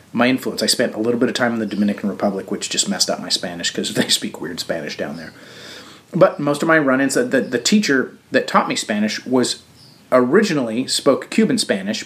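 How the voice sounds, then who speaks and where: A man hosting a show, giving a casual political commentary monologue in a halting way with frequent restarts and fillers. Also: mid-range voice, a bit bright. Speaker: show host.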